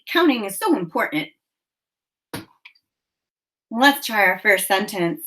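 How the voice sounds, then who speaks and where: A woman teacher guides young children through a phonics lesson. Her voice is bright and lively, with pitch that rises and falls a lot. She speaks slowly and spells out each sound with clear, encouraging care. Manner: slow, clear, encouraging enunciation.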